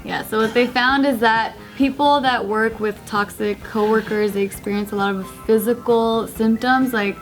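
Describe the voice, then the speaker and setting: A woman's voice: a little high, fairly even intonation, moderate pace, few pauses, soft background music, poor audio. A woman in her twenties hosting a casual chat, introducing a news topic and sharing stories. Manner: chatty, upbeat, presents news topic. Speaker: host.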